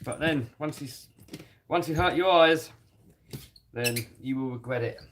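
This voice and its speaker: A British man talks casually on a live stream, reading out viewer comments while he works on a model car. His voice sits slightly high for a man, and he laughs easily. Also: a little slow, a bit bright, a little hiss or hum. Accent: British English. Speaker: RC hobby YouTuber reading live chat.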